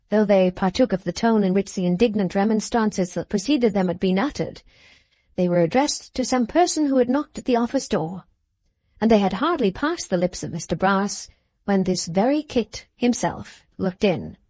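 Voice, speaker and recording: Mellow woman narrating an audiobook. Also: medium pitch, expressive, moderate pace, dry recording. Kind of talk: scripted narration.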